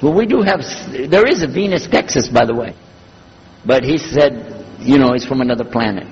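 An older man telling a story from his years as a preacher, husky and animated, acting out the dialogue. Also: medium pitch, normal speed. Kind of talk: storytelling talk. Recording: lo-fi recording in a reverberant hall.

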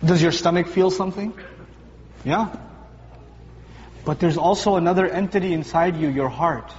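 High-voiced man preaching in a reverberant hall. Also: normal speed. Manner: animated, acts out little scenes with funny voices, rising pitch when emphatic. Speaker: speaker at a Ramadan talk. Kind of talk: lively sermon to young audience. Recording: dull sound with long reverb in a hall.

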